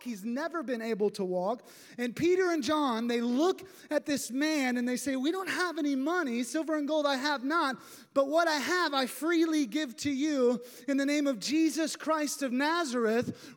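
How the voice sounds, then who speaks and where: A pastor preaching a sermon in a church sanctuary, retelling a story in an animated, emphatic way. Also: high voice. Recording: long hall reverb.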